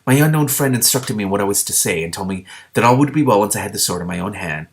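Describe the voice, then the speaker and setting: A man's voice: lowish voice, expressive, quick pace. A man voicing a weepy, melodramatic young princess who talks in old-fashioned, tragic phrasing. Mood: lamenting.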